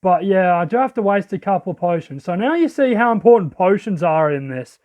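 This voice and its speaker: A man giving excitable, casual commentary while playing a game. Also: sits high, a little fast. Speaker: let's play host. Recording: lo-fi audio.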